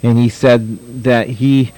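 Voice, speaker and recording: A man with a Boston accent, mid-pitched, co-hosts a pirate radio show with dry, deadpan quips. His voice is picked up close, with no room sound. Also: slow pace, dry recording, poor audio. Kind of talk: casual on-air banter.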